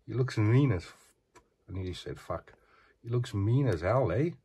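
A man's voice: on the low side, lively intonation, moderate pace, mellow, slightly rough. A man chatting casually as he shows off an action figure, often asking the viewer "eh?". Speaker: action figure collector showing a figure. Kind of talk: casual show-and-tell vlog.

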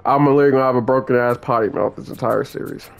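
A man's voice: mid-range voice, fairly even intonation, racing, gravelly. A young man giving gameplay commentary as a channel host, angrily ranting and cursing at the game. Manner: angry, profane ranting at the game. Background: game music.

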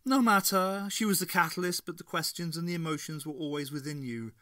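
Man doing a grand godlike entity, slow and solemn, raised voice, storybook reading, dry. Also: on the high side, bright, forceful tone, dry recording, pitched above the performer's own voice. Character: vast godlike collective entity, calm and grand.

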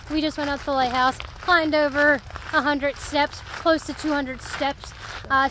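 High-voiced young woman vlogging on a trail. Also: a little hiss or hum, poor audio. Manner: chatty and excitable, bursts into loud exclamations. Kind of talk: casual hiking vlog. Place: outdoors on a wooded marsh trail.

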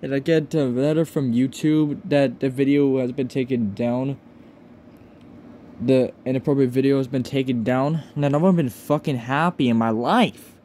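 A man near tears in an upset vlog rant, pleading with viewers, swearing and halting over his words. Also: medium pitch, steady tone, warm tone, slight background noise. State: close to tears. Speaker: channel owner.

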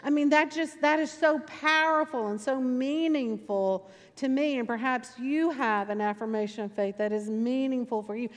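A woman pastor delivers her sermon in a chatty, storytelling manner and hammers points home through repetition. Her voice sits a little high for a woman. It rings out with the long reverb of a church sanctuary. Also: moderate pace, hardly any pauses. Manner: conversational storytelling with emphatic repetition.

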